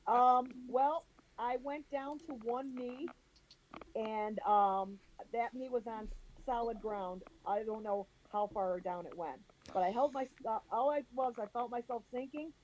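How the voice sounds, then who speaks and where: A woman on a video call telling a lively story, acting out what people said and laughing as she goes. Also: fairly high pitch, measured pace, dull audio, slight background noise. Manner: animated, acts out quoted voices, laughs while telling. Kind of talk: casual storytelling.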